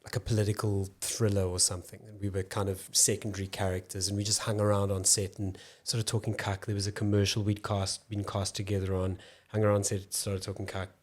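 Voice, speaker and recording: Podcast guest: man, forties, low-pitched, relaxed and rambling. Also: a little fast, few pauses. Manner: relaxed, rambling, self-interrupting. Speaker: podcast guest, actor and comedian. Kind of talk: casual storytelling chat.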